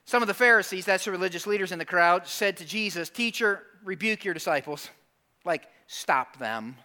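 A man preaching a sermon in a church, animated, acting out voices of the crowd and dropping to hushed, serious asides. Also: high voice, fast. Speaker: pastor.

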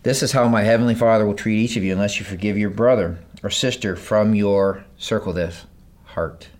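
A man preaching a sermon, moving between loud, emphatic lines and hushed, low delivery, and acting out the voices in the story he reads. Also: steady tone, a little fast. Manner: acts out the parable's characters in raised voices. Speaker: pastor.

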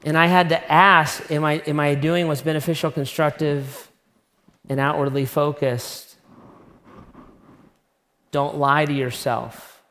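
A middle-aged man preaching a sermon, telling a personal story in an animated, self-mocking way. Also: fairly high pitch, measured pace, long pauses. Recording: long reverb of a large hall.

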